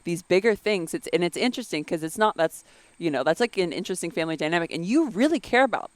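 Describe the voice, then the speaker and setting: A woman's voice: lowish voice, expressive, fast, no room sound. A woman co-hosting a podcast, chatting casually, laughing often and talking about astrology. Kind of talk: casual chat.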